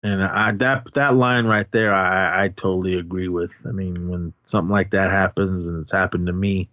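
Low-voiced man rambling through a movie recap. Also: steady tone, normal speed, a bit bright, no echo, lo-fi sound. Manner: rambling, many restarts and fillers. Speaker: podcast host.

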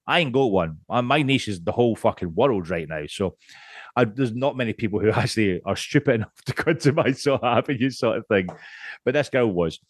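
Scottish male podcast guest, mid pitch, rambling and sweary, very dry close mic. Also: lively intonation, brisk, breathy edge, no echo. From Scotland. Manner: rambling, swears freely, laughs often. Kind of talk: casual podcast chat.

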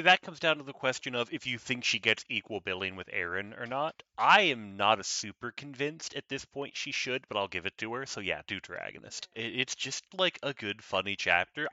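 A thoughtful man talks through a story in a casual, analytical way, now and then swearing. His low voice has a very sharp, bright edge. The sound is dry and lo-fi. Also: no room sound. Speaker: podcast co-host. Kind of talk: casual book discussion.

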